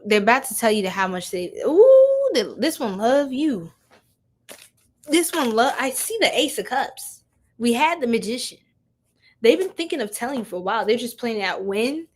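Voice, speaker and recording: A young woman gives a chatty tarot reading on a live stream, speaking straight to her viewers in slang and laughing often. Her voice is fairly high, and there's a slight hiss or hum on the recording.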